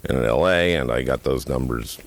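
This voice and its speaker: A man who writes books and hosts talk radio, a guest on a comic radio interview, telling dry, deadpan jokes with stumbling restarts. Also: extremely low pitch, brisk.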